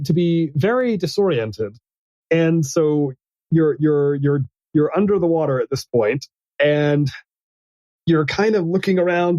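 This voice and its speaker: Halting man narrating a tabletop game. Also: on the high side, a little mellow, dry recording, low-quality recording. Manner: halting, full of restarts and fillers. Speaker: game master.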